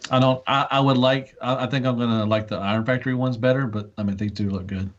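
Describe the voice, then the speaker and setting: Man, podcast co-host, quick rambling talk, low voice, dull lo-fi recording. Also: steady tone. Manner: enthusiastic, rambling with restarts. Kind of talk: casual chat. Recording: dull lo-fi audio.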